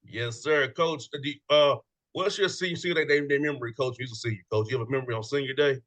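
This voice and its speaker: A male show host chatting casually in a lively, joking way and laughing often. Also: medium pitch, fast talker. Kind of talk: casual chat.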